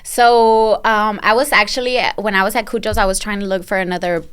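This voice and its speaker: A woman's voice: medium pitch, fairly even intonation, fairly quick, fairly bright tone, smooth. A woman who owns a barbershop, a guest on a podcast, telling her story in a friendly, easygoing way. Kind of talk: casual podcast interview.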